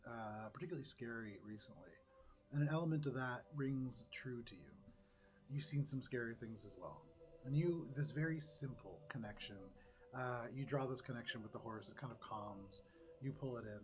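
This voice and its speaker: A man narrating a tabletop game as game master, describing scenes in a relaxed, vivid way. His voice sits at a middling pitch. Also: moderate pace. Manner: descriptive, relaxed, laughs often.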